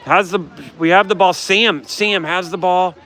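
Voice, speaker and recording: A man calling a youth water polo match from the stands outdoors. His voice sits high and gets excitable on big plays, with chatty asides, and it's a bit hoarse from yelling. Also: a little slow, some chatter behind. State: coughing from yelling. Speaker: livestream commentator at a youth water polo game. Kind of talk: excited amateur play-by-play commentary.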